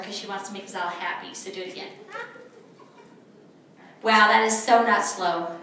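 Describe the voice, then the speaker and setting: A woman's voice: medium pitch, steady tone, moderate pace, sharp tone. A woman leading a live workshop demonstration for an audience, playful and teasing as she gives instructions. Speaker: workshop presenter. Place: event room at a retreat. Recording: echoey room, mic far off.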